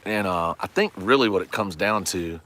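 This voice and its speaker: A man's voice: deep voice, expressive, normal speed, bright, forceful tone. A man, chatting and joking with viewers during a fishing livestream from a lake shore. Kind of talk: casual livestream chat. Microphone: phone camera.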